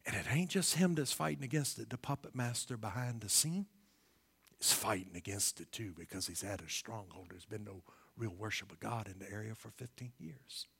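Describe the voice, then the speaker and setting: A male pastor preaching a sermon in a folksy way, asking the congregation questions and swinging from hushed whispers to loud emphasis. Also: fairly low pitch, normal speed, creaky, slightly rough.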